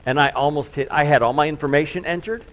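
A man's voice: on the high side, fast, a bit bright, rough recording. A middle-aged man preaching a sermon in a loose, conversational way, full of fillers and self-deprecating asides. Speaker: pastor.

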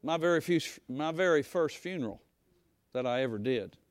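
A middle-aged male pastor preaching a sermon in a folksy, conversational way, talking straight to his congregation and sometimes rising to a shout. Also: on the high side, lively intonation, normal speed, no echo.

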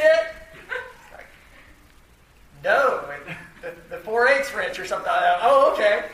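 High, bright man telling a funny story. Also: expressive, slow pace, pauses often. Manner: self-deprecating, chatty, lots of fillers and restarts. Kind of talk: humorous personal story told to an audience. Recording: echoey room, mic at a distance, faint noise.

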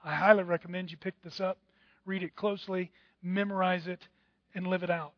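A man's voice: high-pitched, little pitch movement, fairly quick, dry recording, muffled recording. A man preaching a sermon as pastor, talking animatedly and acting out the voices of others.

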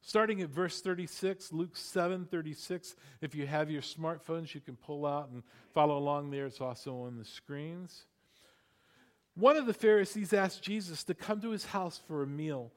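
A man's voice: fairly high pitch, normal speed. A man preaching a sermon in a conversational way, asking the congregation rhetorical questions and laughing at his own asides. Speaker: pastor.

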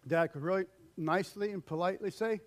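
An older man preaching a conversational sermon as pastor, acting out quoted voices and swinging between loud calls and hushed lines. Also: high voice, fast talker.

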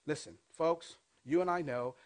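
A man in his fifties preaching a sermon as pastor, asking the congregation call-and-response questions and swinging between loud and hushed delivery. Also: a little high, normal speed. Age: 50s.

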